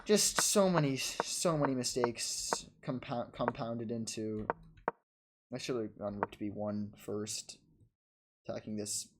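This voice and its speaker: A man in a casual chess vlog, narrating his own game in quick bursts and scolding himself for his mistakes. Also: mid-range voice, heavy background noise. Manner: frustrated, self-critical, talks in quick bursts and trails off. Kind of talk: casual self-commentary over a chess game.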